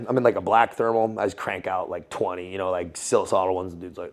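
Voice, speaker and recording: Speaking quickly with few pauses, this interview guest has a low voice and a flat delivery. The man, once a Navy SEAL and a Foreign Legionnaire, tells a story casually, using slang and plenty of swearing and laughing frequently.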